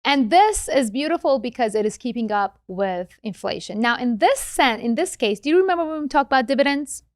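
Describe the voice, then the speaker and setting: A woman guest with a non-native English accent, explaining investing in a casual interview with animated, quick asides. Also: sits high, dry recording, clean studio sound.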